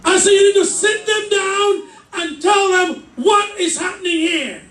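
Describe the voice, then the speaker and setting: A man preaching a fervent sermon in a church, shouting his points with call and response. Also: very high-pitched, a little slow. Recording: echoey church mic from far off.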